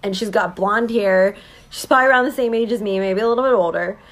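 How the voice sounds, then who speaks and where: A woman in her thirties, a mother and business owner, telling her viewers a story in an animated, emphatic way and often stopping to ask "okay?". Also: mid-range voice, fast.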